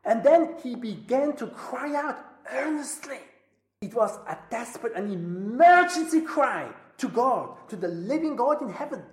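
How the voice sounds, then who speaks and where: A woman preaching a sermon, swinging between loud emphasis and near-whispers. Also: fairly high pitch, lively intonation, unhurried. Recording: roomy echo.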